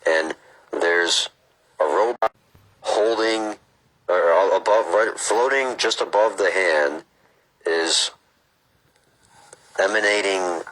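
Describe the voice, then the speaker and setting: A man's voice: sits low, slow, pauses often, a bit bright, poor audio. A man reading a book aloud, breaking off to chat casually and explain his reading choices. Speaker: reader.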